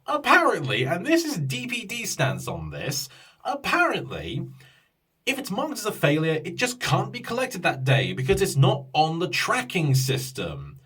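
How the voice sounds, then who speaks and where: A man tells a story in a loose, exasperated vlog rant, full of restarts and swearing. His voice is husky and swings widely in pitch as he gets worked up. He sounds a touch distant from the microphone. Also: wildly swooping pitch, moderate pace, fairly bright tone. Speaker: YouTuber telling a story.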